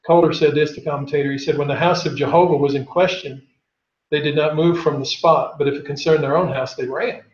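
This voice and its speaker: In an echoey room, a man with a somewhat high, steady voice briskly leads a Bible class, reading scripture aloud before questioning the class. The recording sounds dull and lo-fi.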